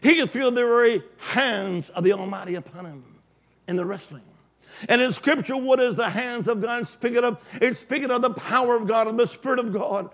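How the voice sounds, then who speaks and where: A male preacher delivering an emphatic call-and-response sermon, swinging from loud exclamations to hushed asides. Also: extremely high pitch, moderate pace.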